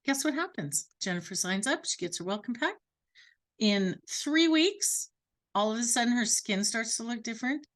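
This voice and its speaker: A woman coaching her business team, telling an animated story. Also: a little high, normal speed. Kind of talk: storytelling talk.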